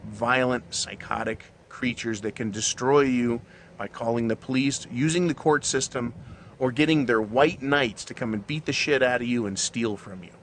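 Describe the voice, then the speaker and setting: Man, ranting monologue, blunt and crude, mid pitch, faint noise behind. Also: fairly bright tone. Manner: profane, blunt and mocking. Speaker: show host.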